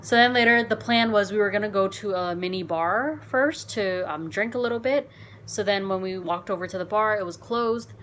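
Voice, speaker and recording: A woman vlogger telling a dating story in a casual, animated, frank way, swearing and saying "like" a lot. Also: medium pitch, normal speed, a little hiss or hum.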